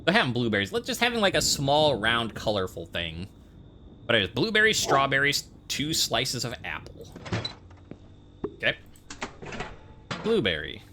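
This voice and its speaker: A man chatters his way through a game, rambling off into joking asides. His pitch swings up and down a lot as he talks, over an average middle voice, and a steady hiss of noise runs under the recording. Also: moderate pace, pauses often. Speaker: game player. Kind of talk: casual let's-play commentary.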